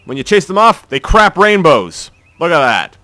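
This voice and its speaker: A man's voice: on the high side, big pitch swings, normal speed, sharp tone, dry recording. A man casually talking through a video game playthrough, chatty, wry and rambling with restarts. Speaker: gaming video host.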